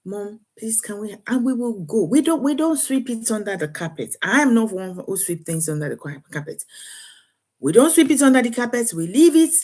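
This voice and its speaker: Husky woman from Africa giving parenting advice. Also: fairly high pitch, fairly quick. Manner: lively, acts out quotes with a changing voice, repeats words. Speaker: parenting coach. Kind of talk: advice talk to camera.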